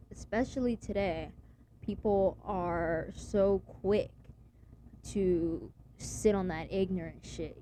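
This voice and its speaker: A woman's voice: mid-range voice, dark tone, slight background noise. A young woman vlogging in a blunt, rambling rant full of slang and swearing. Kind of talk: casual profane rant to camera.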